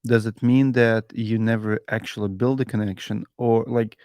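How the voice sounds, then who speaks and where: A man hosting a podcast, asking questions in a halting way, dropping small words. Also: lowish voice, little pitch movement, a little mellow, no echo, studio quality. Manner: asks questions, drops articles, halting. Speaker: podcast host. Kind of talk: casual podcast interview.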